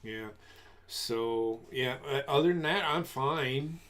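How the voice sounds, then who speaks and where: A man's voice: mid-range voice, slow pace, fairly bright tone. Tired, blunt male podcast co-host. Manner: blunt, swears casually, repeats himself. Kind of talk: casual sports chat.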